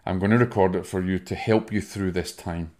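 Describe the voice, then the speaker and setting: Soft-spoken Scottish man guiding breathing. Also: low voice, fairly even intonation, brisk. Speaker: podcast host, medium. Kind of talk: spiritual self-help talk.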